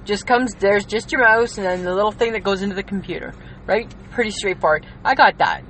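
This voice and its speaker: Casting note: a mid-pitched woman, deadpan, teasing co-host telling anecdotes. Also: brisk, slight background noise, low-quality recording. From Canada. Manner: dry, teasing, mock-indignant. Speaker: podcast co-host. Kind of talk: casual chat, storytelling.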